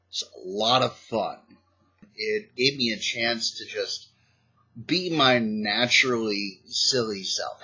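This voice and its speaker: A man telling playful stories in a casual vlog about his teaching days, animated and a little halting, with frequent restarts. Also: medium pitch, breathy edge, muffled recording. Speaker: vlogger, former teacher in Japan.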